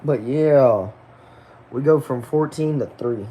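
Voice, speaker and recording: A man's voice: medium pitch, takes it slowly, dark tone. A man from the United States hosting a casual live stream, tired and sleepy, chatting loosely and greeting viewers by name as he reads their comments.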